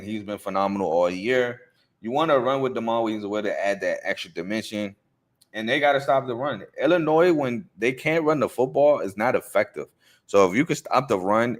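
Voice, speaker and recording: Low-voiced man giving casual sports picks. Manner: loose and conversational, with fillers and self-corrections; confident, emphatic picks. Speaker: sports show host. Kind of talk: casual game-preview commentary.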